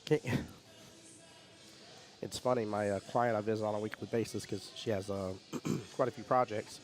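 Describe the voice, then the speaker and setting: A man's voice: on the low side, steady tone, moderate pace. Chatty man commentating pool. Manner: chatty storyteller, laughs often, repeats words. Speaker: pool commentator and division rep. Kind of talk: casual live sports commentary.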